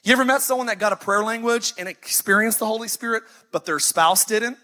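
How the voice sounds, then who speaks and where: A man in his thirties preaching a sermon as pastor, emphatic and story-driven with sighs and dramatic pauses. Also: high-pitched, pushed and bright. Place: church sanctuary, live. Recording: faint music behind.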